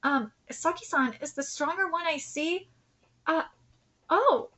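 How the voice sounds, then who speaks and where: A woman's voice: high voice, a little slow, sharp tone. A woman streamer reading manga aloud and reacting live, emotional and near tears, with laughing asides.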